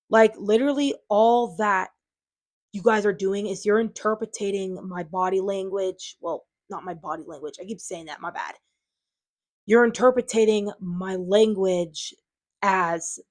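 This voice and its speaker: A woman with a mid-range voice speaks at a measured pace, addressing viewers in an unscripted vlog as the channel owner. She sounds defensive and frustrated, rambling with plenty of fillers.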